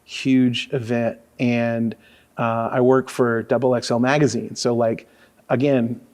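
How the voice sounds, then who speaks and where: Relaxed storytelling radio DJ, man. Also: mid-range voice, a little slow. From Louisiana. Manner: relaxed storyteller, lots of fillers. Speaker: radio DJ, guest. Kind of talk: casual conversational interview.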